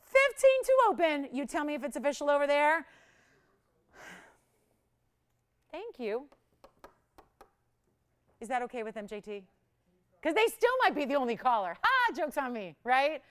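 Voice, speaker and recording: Animated woman hosting live jewelry sales. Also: sits high, measured pace, long pauses. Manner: chatty, animated, laughs often, counts down prices. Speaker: jewelry shopping host. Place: TV shopping studio.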